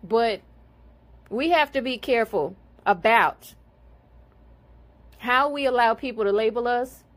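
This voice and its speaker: A woman's voice: a little high, measured pace, a bit bright. A woman spiritual card reader and healer talking casually to her viewers, blunt and profane, growing heated and preachy.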